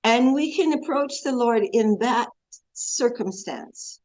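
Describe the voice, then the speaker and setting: A woman's voice: fairly high pitch, lively intonation, slow, darkish tone. A woman spiritual teacher giving an earnest devotional class talk over a video call, telling stories and quoting prayers. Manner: earnest, storytelling with many quoted prayers. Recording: dull lo-fi video call audio.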